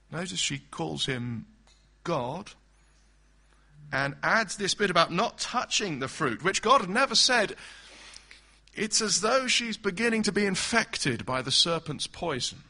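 Animated, emphatic male preacher. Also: fairly high pitch. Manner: earnest, emphatic, asks the congregation direct questions. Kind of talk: expository sermon.

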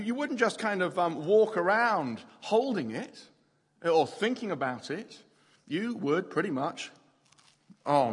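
A man with a high, breathy-edged voice preaches a playful sermon to a family audience, using props and repeating words as he goes. A long hall reverb surrounds the recording.

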